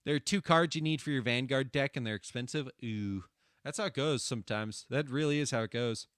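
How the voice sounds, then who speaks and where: A man streamer giving casual, profane commentary over his own stream highlights, ranting animatedly and laughing often. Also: a little fast, fairly bright tone, no echo, studio quality.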